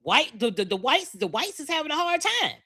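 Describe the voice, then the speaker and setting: Brash high-voiced woman ranting. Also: very animated, brisk, sharp tone. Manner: brash, profane, repeats herself. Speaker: podcast co-host. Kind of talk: loud comedic rant.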